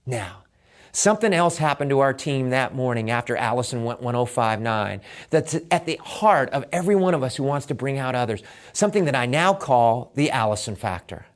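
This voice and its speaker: Animated middle-aged male storyteller. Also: mid-range voice, fairly quick. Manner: animated, swings from loud excitement to hushed intimacy. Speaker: swim coach and speaker. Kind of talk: motivational storytelling.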